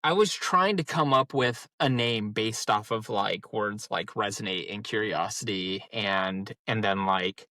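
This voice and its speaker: Unhurried yet barely pausing, a man in his thirties with a fairly low, sharp-toned voice chats as a podcast co-host. He tells rambling stories stuffed with "like" fillers, and the recording has no room sound.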